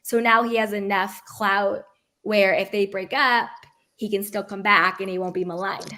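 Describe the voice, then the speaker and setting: A woman co-hosting a casual chat, agreeing readily and talking quickly with fillers. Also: mid-range voice, steady tone, bright, forceful tone.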